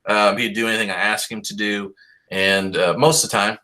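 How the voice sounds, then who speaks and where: A man's voice: on the low side, little pitch movement, fairly quick, pushed and bright. A middle-aged man, a band director on a video call, praising his seniors in an upbeat, rambling way full of fillers. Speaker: high school band director.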